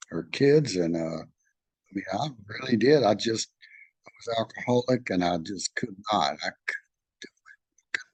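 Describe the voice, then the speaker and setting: A Texan man, middle-aged, speaks to a study group in a lowish voice, recorded dry and close with no room around him. He moves between reading passages aloud and telling his own story. He talks candidly and haltingly, with plenty of fillers and restarts. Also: a little mellow, husky, no echo. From Texas. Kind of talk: study talk, reading aloud and personal sharing.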